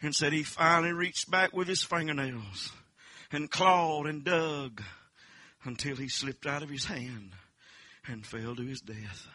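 Fiery preacher, high-pitched. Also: male voice, a little slow, dry recording. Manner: swings from hushed storytelling to shouted pleading; sing-song preaching cadence. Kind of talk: revival sermon with altar call. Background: music.

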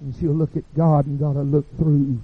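A man preaching a revival sermon, telling dramatic stories that build to shouting. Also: fairly high pitch, flat delivery, moderate pace, husky. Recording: tinny phone-like sound.

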